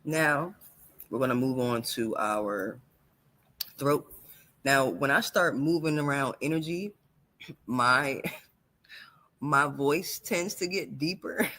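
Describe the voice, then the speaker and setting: A man leading a calm guided breathing and toning exercise as a podcast guest, counting slowly and laughing easily. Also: mid-range voice. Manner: calm, slow counting instructions with warm laughs.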